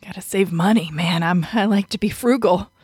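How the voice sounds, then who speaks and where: A woman's voice: fairly low pitch, normal speed, a little mellow, breathy edge, no room sound, clean studio sound. A woman co-hosting a podcast in casual chat, talking bluntly with frequent swearing and laughter. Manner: blunt and profane, laughs often. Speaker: podcast co-host.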